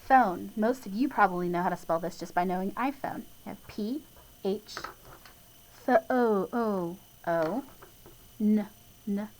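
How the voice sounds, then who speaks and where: Lady teacher doing a spelling lesson for little kids, sounds out every letter slow and patient, laughs at her own goofs. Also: medium pitch, slight background noise, rough recording. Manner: self-deprecating, chuckles at own slips.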